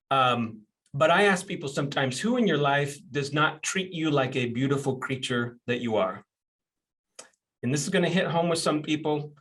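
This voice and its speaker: Guy in his 40s hosting a chatty podcast, blunt, fired up, kinda high voice. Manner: blunt, animated storytelling. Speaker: podcast host and coach. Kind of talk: casual conversational podcast.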